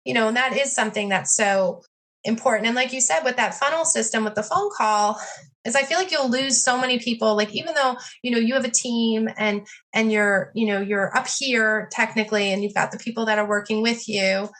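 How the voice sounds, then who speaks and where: Chatty woman, fairly high voice. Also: fairly quick, a bit bright. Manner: chatty, lots of "like" and "you know", acts out quotes. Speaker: podcast guest, pet sitting business owner. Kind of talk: casual interview chat.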